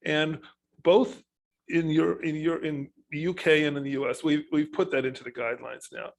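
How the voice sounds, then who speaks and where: A man speaking as an economist on a panel, telling his points with animated emphasis. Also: a little high, moderate pace, gravelly, rough recording. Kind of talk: panel discussion.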